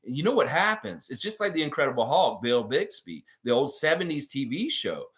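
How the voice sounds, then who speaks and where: Animated, profane male sports-fan host. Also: a little high, normal speed. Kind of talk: casual livestream chat with viewers.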